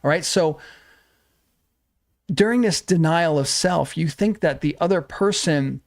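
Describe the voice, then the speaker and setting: A man's voice: a little high, unhurried, vocal fry. A man teaching as a relationship coach on a livestream, earnest and repetitive, often checking in with "right?".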